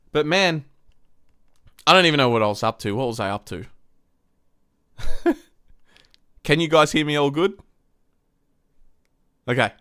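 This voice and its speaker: A man with a medium-pitched, clear and resonant voice runs a live-stream footy review full of frustrated, expletive-heavy ranting. He's excitable, his voice shooting up as he gets worked up, all in clean, echo-free studio sound.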